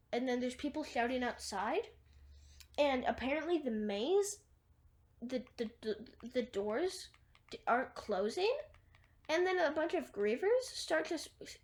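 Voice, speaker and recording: A woman casually retelling a movie plot, rambling through long chains of "and then" and fillers, with wry asides. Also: sits high. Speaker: movie recapper.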